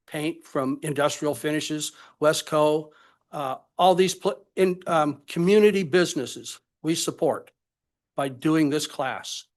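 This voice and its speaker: An older man giving public comment at a college budget meeting, emotional and halting as he speaks. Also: a little high.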